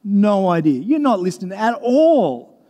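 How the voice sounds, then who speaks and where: A man's voice: sits high, sing-song, measured pace, dark tone. A man preaching a sermon in an earnest, conversational way, repeating and restarting phrases as he reads and explains scripture. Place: church. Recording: long reverb of a large hall.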